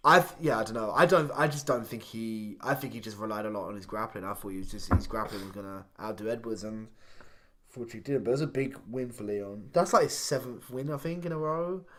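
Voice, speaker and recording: A man's voice: fairly low pitch, fast, fairly bright tone. A young man co-hosting a casual podcast chat, easygoing and hesitant, often trailing off mid-thought. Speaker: podcast co-host.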